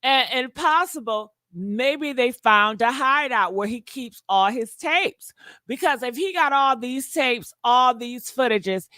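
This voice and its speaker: A woman's voice: on the high side, lively intonation, slow, pushed and bright, dry recording. A woman hosting a gossip channel, chatting dramatically straight to her viewers with lots of exclamations. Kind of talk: casual gossip commentary.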